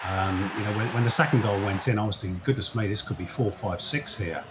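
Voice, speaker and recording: A man speaking as a football commentator guest, giving relaxed, chatty analysis with many fillers. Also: fairly low pitch, fast, noisy background. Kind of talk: casual interview chat.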